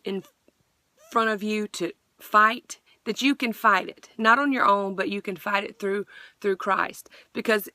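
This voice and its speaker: A woman's voice: mid-range voice, steady tone, unhurried, sharp tone, no echo. Earnest, rambling woman sharing her faith. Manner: earnest, rambling with many restarts. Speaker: vlogger sharing testimony. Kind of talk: personal faith testimony.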